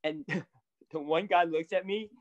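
A man, a salon stylist, telling a story as a guest in casual chat, animated and laughing often. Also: high voice, unhurried, lo-fi sound.

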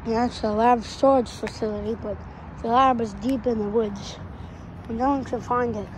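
Brief: a performer playing a grumpy British-accented loner with a lisp, voice changer on, slow half-whispered grumbling over heavy hiss. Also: mid-range voice. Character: grumpy young drone-tinkering loner living in woods lab. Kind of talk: muttered solo role-play. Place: outdoors in woods.

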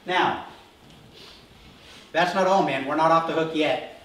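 A middle-aged pastor preaches in a loose, storytelling way, slipping into the voices of his family with a grin. His voice sits a touch high for a man and rings through a very echoey church room. He is picked up from some distance, with a faint hiss underneath. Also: measured pace, a bit bright. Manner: storytelling, acts out quoted family dialogue with humor. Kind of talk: conversational sermon. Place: church sanctuary.

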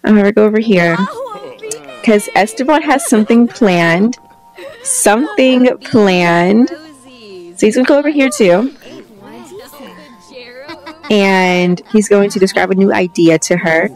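A woman's voice: medium pitch, lively intonation, measured pace, long pauses, darkish tone, soft background music. A young woman giving casual, chatty commentary on a life-simulation game, exclaiming often and voicing what the characters think. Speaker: gameplay vlogger.

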